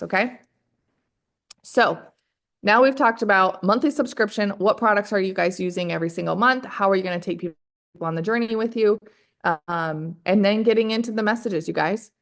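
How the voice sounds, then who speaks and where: A woman leading a motivational training call for her sales distributors, energetic and full of rapid rhetorical questions. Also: medium pitch. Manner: energetic, keeps calling the audience "you guys".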